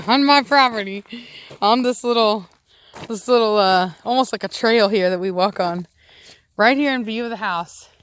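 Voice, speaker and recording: A woman breeder talking casually to camera outdoors on her rural property, chatting and calling sharp commands to her dogs. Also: medium pitch. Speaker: dog breeder.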